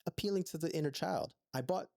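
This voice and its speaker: A man's voice: on the high side, fast, vocal fry, a little mellow, dry recording, studio quality. A man co-hosting a podcast, telling his story in an earnest, thoughtful way in an intimate conversation. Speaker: podcast co-host.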